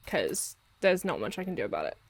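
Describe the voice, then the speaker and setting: A woman's voice: on the low side, big pitch swings, a little fast. A young woman streaming a game, chatting casually, rambling and swearing now and then. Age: young adult. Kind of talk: casual gameplay chat. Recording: noisy stream audio.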